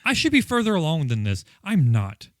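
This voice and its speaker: A man's voice: a little high, huge pitch swings, brisk, no echo. A man co-hosting a casual podcast, telling a frustrated, profane story about a video game. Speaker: podcast co-host.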